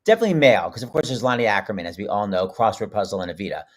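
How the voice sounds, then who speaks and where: Male host, lively swooping voice, excitable and quick with jokes. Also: lowish voice. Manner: excitable, joking, quick banter. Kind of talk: casual livestream chat.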